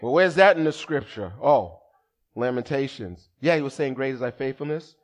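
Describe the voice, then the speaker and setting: A male pastor of medium pitch preaches at normal speed during a church service. His delivery is animated and full of humor, with banter aimed at the congregation and bursts of shouting for emphasis.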